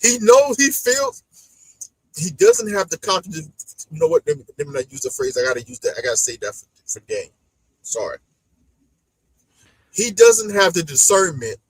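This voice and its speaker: Guy with a really high swoopy voice, gravelly and kinda husky, talking tv recap, dry close sound. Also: no room sound, rough recording. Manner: animated, acts out the people he talks about. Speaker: podcast host. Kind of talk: casual reality-show recap chat.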